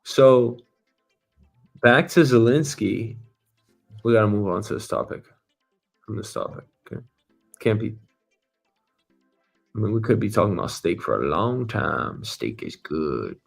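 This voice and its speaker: A man hosting a casual news commentary show, talking bluntly and profanely with animated asides. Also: on the low side, unhurried, vocal fry, long pauses, soft background music. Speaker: show host.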